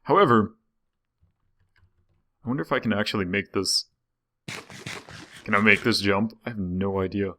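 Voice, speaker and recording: With a lowish, bright and forceful voice, a young man talks at a moderate pace while gaming, leaving long pauses. His commentary is chatty and meandering, often abandoned mid-sentence.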